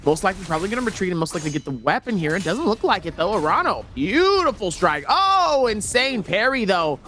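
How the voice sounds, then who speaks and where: A man casting an esports match, playful and quick to joke and laugh between plays. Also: high voice, a little hiss or hum. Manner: joking, animated, laughs often. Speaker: esports caster.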